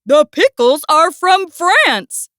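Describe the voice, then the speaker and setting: A woman voicing a stern, pompous male bear in a read-aloud storybook, speaking slowly and grandly. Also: sits high, big pitch swings, a bit bright, dry recording, clean studio sound, full character voice. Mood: grand scolding. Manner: slow, grand, declaiming.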